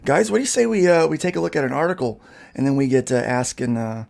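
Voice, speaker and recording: A man's voice: mid-range voice, fast talker, vocal fry, a little mellow. A man hosting a casual podcast, reading an article aloud and breaking in with his own asides. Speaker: podcast host.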